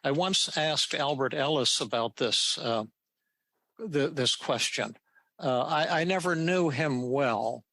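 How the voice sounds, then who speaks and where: An older man hosting a podcast, telling a story casually and haltingly, with many restarts and repeated words. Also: on the high side, pushed and bright, no room sound. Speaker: podcast host answering listener questions.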